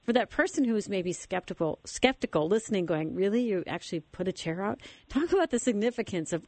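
A woman's voice: mid-range voice, no echo. A woman hosting a faith radio interview, asking long questions in a conversational way. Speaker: radio host.

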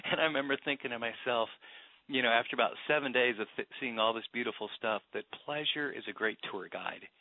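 A man's voice: mid-range voice, fast talker, creaky. Earnest man on a tinny phone line. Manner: earnest, reflective, with many restarts. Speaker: pastor and author, guest. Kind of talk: radio interview conversation.

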